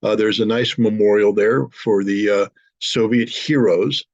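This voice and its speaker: A man giving forceful, indignant political commentary as a guest in an online interview. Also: fairly low pitch, level tone, moderate pace, no room sound, dull audio.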